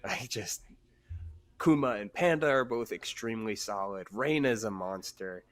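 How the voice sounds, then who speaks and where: A man's voice: fairly low pitch, measured pace. A man casually commentating a fighting game tournament stream, chatty and laid-back.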